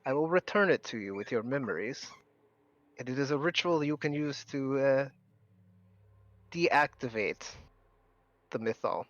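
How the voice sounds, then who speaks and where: A man's voice: medium pitch, expressive, measured pace, pauses often, fairly bright tone, no echo, lo-fi sound. A man playing a suave scheming devil lord. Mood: bargaining. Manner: smooth, polite, bargaining.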